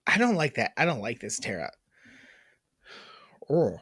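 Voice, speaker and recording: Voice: mid-range voice, huge pitch swings, unhurried, pauses often, a bit bright, husky, dry recording, studio quality. A podcast co-host in casual chat who laughs, swears, and mocks their own failed accent attempts. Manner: laughing, swearing, self-mocking.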